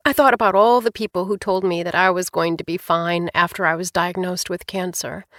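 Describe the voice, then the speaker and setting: A woman narrating a novel in the first person as an audiobook reader, with even, clear storytelling. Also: lowish voice, fairly quick, dry recording, clean studio sound.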